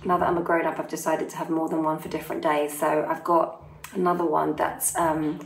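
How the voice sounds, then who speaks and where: A woman's voice: fairly low pitch, creaky, a little hiss or hum. A woman in her forties chatting casually as she reads out fan questions and answers them one by one, friendly and a little self-deprecating. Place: holiday home in Italy, family in next room. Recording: roomy echo.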